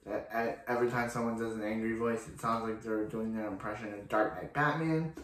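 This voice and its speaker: A man's voice: mid-range voice, a little fast, hardly any pauses, fairly bright tone. A man casually recapping a TV episode as a reviewer, rambling with lots of restarts and fillers. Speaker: TV show reviewer. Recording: echoey room.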